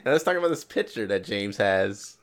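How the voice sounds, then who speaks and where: A man's voice: on the low side, sing-song, fairly quick. A man co-hosting a comedy podcast, rambling and chuckling in casual banter. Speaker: podcast co-host.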